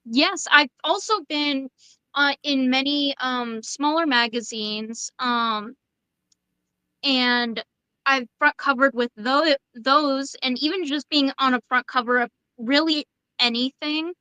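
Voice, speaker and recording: A woman's voice: high voice, slow pace, bright, forceful tone, smooth, no room sound, low-quality recording. A woman in her twenties, a podcast guest, speaking casually and hesitantly with many fillers and restarts. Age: 20s. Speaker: interview guest. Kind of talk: casual interview chat.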